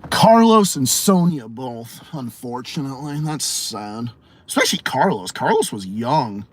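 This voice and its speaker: A man's voice: medium pitch, very animated, measured pace, a little hiss or hum. A man hosting a late-night livestream podcast, ranting casually, swearing a lot, repeating himself and laughing often. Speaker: podcast host and streamer.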